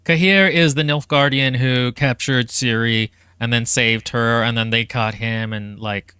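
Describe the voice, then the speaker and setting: A man co-hosting a casual book-club podcast, animated and recapping the plot with little voices. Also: mid-range voice, unhurried, smooth, no room sound. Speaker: podcast co-host.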